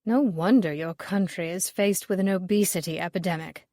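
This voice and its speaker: A woman's voice: on the low side, normal speed, dark tone, dry recording, clean studio sound, natural voice. A woman voicing a haughty, snobbish British woman appraiser with a sarcastic, belittling manner. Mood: disdainful.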